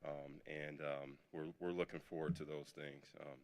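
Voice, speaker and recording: Very deep, flat-voiced coach at the podium, hesitant, lots of ums. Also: male voice. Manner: halting, with many fillers, emotional. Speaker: new head basketball coach. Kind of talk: press conference remarks. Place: press conference podium in a hall.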